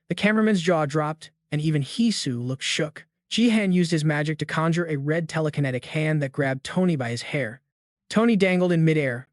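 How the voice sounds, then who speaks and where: A man tells a comic recap in a brisk, slangy way. His voice sits a touch higher than most men's, recorded close and dry with no room sound. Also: dry recording. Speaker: recap narrator. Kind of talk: scripted recap narration.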